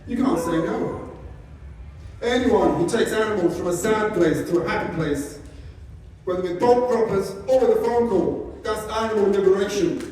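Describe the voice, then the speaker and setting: A fairly high-voiced man giving a humorous talk, his wry, self-deprecating stories landing between gentler asides. The sound is distant and boomy, as if caught from the back of a large hall, with a long reverb tail and a faint noise floor. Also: normal speed. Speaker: sanctuary founder giving a talk.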